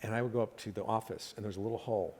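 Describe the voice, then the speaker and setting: Low-voiced man telling comic stories. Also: steady tone, rapid-fire, a little mellow. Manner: anecdotal, laughs at own jokes, acts out quotes. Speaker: comedian guest. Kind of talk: storytelling conversation on stage. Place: live talk event stage.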